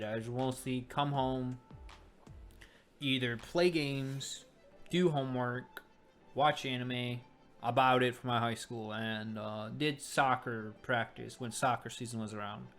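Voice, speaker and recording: A man's voice: mid-range voice, a bit bright. A young man giving casual, rambling commentary while reviewing a webcomic, full of joking asides.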